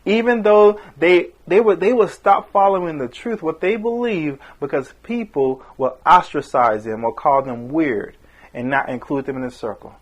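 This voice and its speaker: A man's voice: fairly high pitch, normal speed. A man preaching a sermon with passion, voice rising and falling for emphasis and briefly acting out the people he quotes.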